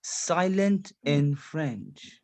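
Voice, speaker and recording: A man's voice: fairly high pitch, expressive, extremely slow, a little mellow. Male language teacher with a slightly raised voice, drilling a student on rules over and over. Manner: repetitive, drilling the student, frequent checks for understanding. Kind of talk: classroom lesson.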